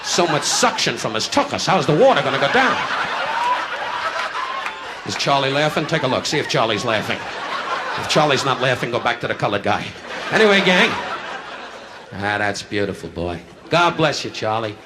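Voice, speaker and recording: Brash insult comic over roaring crowd. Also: male voice, mid-range voice, sing-song. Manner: brash, rapid-fire jabs at audience members. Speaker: stand-up comedian. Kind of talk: insult comedy crowd work. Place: nightclub stage before a live audience. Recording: live club recording, loud laughter, hiss.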